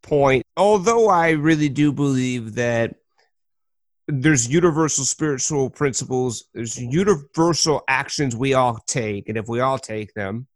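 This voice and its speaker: A man's voice: mid-range voice, unhurried, dry recording. Upbeat male podcast host, dry sound. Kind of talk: recovery podcast talk.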